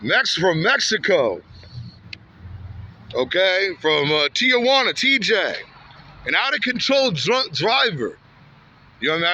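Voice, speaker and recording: On a street outdoors, a Santa Ana, California man tells a walking-vlog story in a high, sing-song, sharp voice at a measured pace, pausing often, with lo-fi sound and slight background noise. The vlogger is rambling, repetitive, and heated, regularly ending lines with "man" or "bro."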